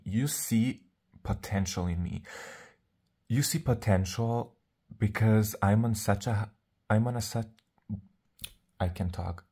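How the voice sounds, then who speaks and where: A man's voice: fairly low pitch, a little slow, pauses often, darkish tone. A man vlogging to the camera in a rambling, chatty way, full of fillers and self-assured sass. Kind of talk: casual vlog monologue.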